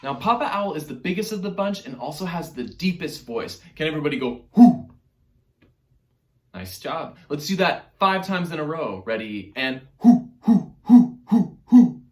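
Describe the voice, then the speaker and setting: A man's voice: a little high, very animated, a little fast, hardly any pauses, fairly bright tone. A man teaching an online music lesson to young children, upbeat and encouraging as he speaks straight to the kids. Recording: roomy echo with faint music.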